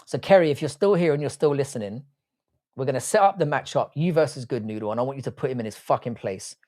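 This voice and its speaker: A man's voice: mid-range voice, fast talker, a little mellow. A young man hosting a casual live stream, teasing his chat and swearing freely. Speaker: livestream host reading chat.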